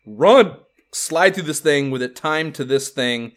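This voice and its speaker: A man co-hosting a casual podcast chat, animated and profane, rambling as he talks. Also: a little high, unhurried. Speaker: podcast co-host.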